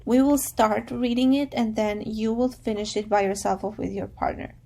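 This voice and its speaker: Woman, teacher, reading aloud to a class, patient, slightly high voice, gravelly. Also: normal speed. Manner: calm, patient, guiding students.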